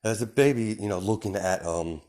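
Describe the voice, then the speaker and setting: Very deep-voiced man rambling a story. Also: moderate pace, a little mellow. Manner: rambling, many fillers. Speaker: fan-fiction storyteller. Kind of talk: casual improvised storytelling.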